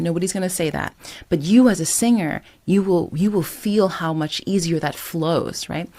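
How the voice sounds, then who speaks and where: A woman's voice: on the low side, moderate pace, darkish tone. A woman vocal coach teaching a singing lesson, explaining technique and breaking into short sung examples with an encouraging manner. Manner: encouraging, demonstrates phrases by singing them.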